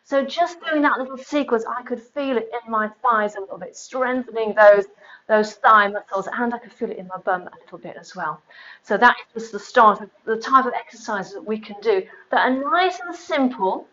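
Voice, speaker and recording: The recording is muffled, but a woman's voice on the high side, fairly bright and at normal speed, comes through. She's a pilates instructor leading a live workout on an exercise mat in a home room, slightly out of breath while counting reps aloud and chatting between exercises.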